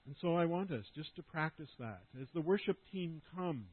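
A male pastor delivers a sermon to his congregation, earnest and deliberate. He often lets his voice sink to a near-hush at the end of a phrase. The sound is dry and narrow, like a phone line. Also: fairly high pitch, lively intonation, slightly rough, no echo. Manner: earnest preaching, dropping to a hushed voice at phrase ends. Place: church service.

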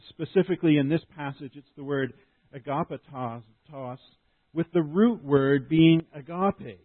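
A male pastor delivers an earnest, explanatory sermon, his voice sitting a little high for a man. The sound is narrow and tinny, like a phone line, and very dry with no room around it. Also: dry recording. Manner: earnest, explanatory preaching with frequent restarts.

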